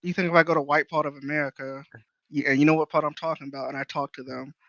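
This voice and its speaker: A man trades blunt, slangy banter on a casual podcast, with no polish to how he talks. His voice sits a little higher than usual for a man. The sound is dull and dry, as if taken from a cheap mic in a dead room. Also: level tone, fast, fairly bright tone, no room sound.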